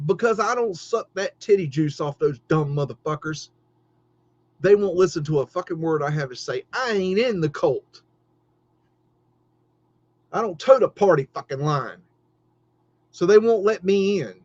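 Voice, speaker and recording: A middle-aged male podcast host rants heatedly on a livestream, swearing a lot and stammering through restarts. His voice is a little high and slightly rough, with vocal fry, and the stream audio sounds dull and lo-fi.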